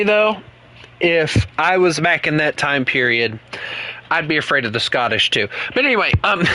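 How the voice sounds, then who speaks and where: Man, american, game streamer, bright forceful voice, teasing, rambling casual chat. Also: medium pitch. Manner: joking, teasing, rambling with fillers.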